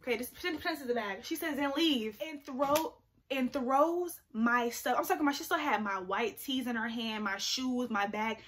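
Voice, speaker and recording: A young woman vlogger telling a story in an animated, chatty way, full of "like" fillers. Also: fairly high pitch, moderate pace, slight background noise. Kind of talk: storytime vlog.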